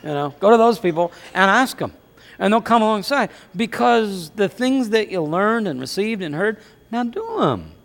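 A man preaching a sermon as pastor of his church, talking in a lively, conversational way full of rhetorical questions. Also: high-pitched, normal speed, creaky. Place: church sanctuary. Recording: long hall reverb.

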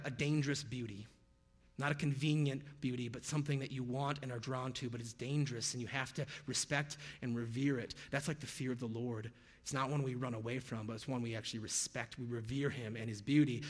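A man's voice: mid-range voice, fairly bright tone, long reverb tail. An American man preaching a sermon as pastor, conversational and sprinkled with jokey pop-culture asides. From United States.

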